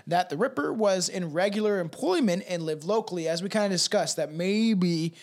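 A man's voice: high-pitched, lively intonation, moderate pace. A man co-hosting a casual true-crime podcast, rambling and profane, reading passages aloud between asides. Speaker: podcast co-host.

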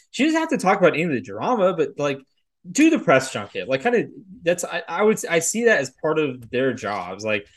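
A man co-hosting a casual podcast about film and TV, talking in a rambling way full of fillers and the occasional swear. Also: mid-range voice. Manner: rambling, filler-heavy, frequent "like" and "you know". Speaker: podcast co-host.

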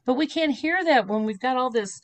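A woman's voice: high voice, a little fast, dry recording. A middle-aged woman, a spiritual medium, telling stories and teaching in a casual interview, acting out little voices as she goes. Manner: animated storyteller, acts out voices.

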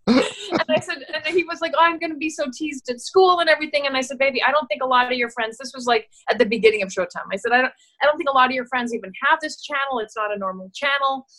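A middle-aged actress telling stories in a casual interview, animated and laughing, acting out the voices she quotes. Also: high voice, quick pace, low-quality recording. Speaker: actress and guest.

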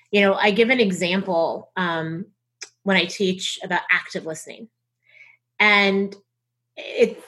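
A woman's voice: mid-range voice, a bit bright, slightly rough. A woman with a Southern American accent, a guest talking earnestly and reflectively in short phrases. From United States. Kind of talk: casual conversation.

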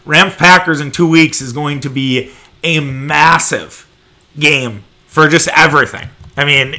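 Bright, emphatic male sports podcaster. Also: mid-range voice. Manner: emphatic, opinionated, swears freely. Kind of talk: casual sports commentary.

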